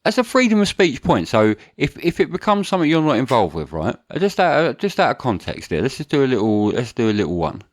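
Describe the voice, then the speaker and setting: A man's voice: medium pitch, wildly swooping pitch, quick pace, hardly any pauses. A man co-hosting a podcast, chatting casually and animatedly, slangy and prone to restarts. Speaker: podcast co-host.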